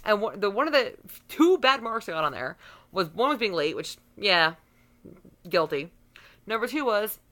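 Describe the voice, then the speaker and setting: A woman's voice: a little high, sing-song, normal speed, bright, forceful tone. A woman in her thirties delivering a blunt, profanity-laced rant to camera, heated and unfiltered, with bursts of laughter. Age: 30s. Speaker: vlogger. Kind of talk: profane ranting monologue.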